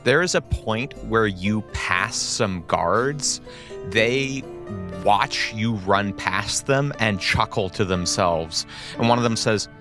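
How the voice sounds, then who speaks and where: A man's voice: lowish voice, slow, music in the background. A man narrating as game master of a tabletop role-playing game, in a wry, laid-back way.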